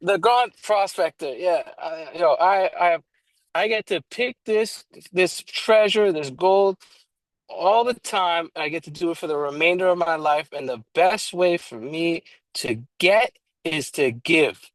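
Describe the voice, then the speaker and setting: Fired up guy, kinda high voice, preachy and casual, swears some, dry sound. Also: measured pace, no echo, low-quality recording. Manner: emphatic, preachy, swears casually, restarts often. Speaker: recovery study co-host. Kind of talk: casual online meeting talk.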